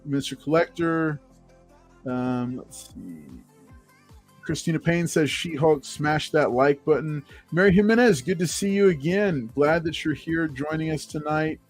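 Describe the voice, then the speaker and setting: A man's voice: a little high, measured pace, faint music behind. A man hosting a casual livestream talk show, upbeat and chatty, greeting viewers from the chat. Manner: upbeat, reads chat names aloud, many fillers.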